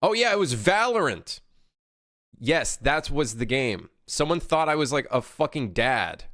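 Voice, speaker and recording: A man in his late twenties with a sing-song, mid-range, somewhat bright voice speaks a little slowly, recorded with clean studio sound and no room sound. He's a game developer chatting casually on a livestream as he works, reading chat aloud and rambling with plenty of swearing.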